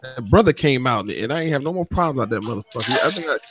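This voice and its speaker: A man's voice: mid-range voice, expressive, fast talker, loud music behind the voice. A man co-hosting a casual podcast chat, reacting emphatically and telling stories. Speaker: podcast co-host.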